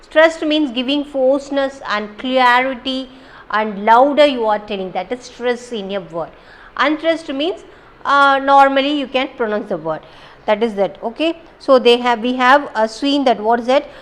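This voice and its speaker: A woman teacher with a Kerala Indian English accent explaining a grammar lesson, pausing with fillers and asking if students follow. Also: sits high, poor audio. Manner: explains slowly with many fillers and check-ins. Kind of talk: recorded online English lesson.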